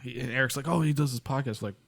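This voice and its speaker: A man co-hosting a podcast in a relaxed casual chat, laughing along. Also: mid-range voice, very fast, creaky. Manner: laid-back, laughs along. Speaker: podcast co-host.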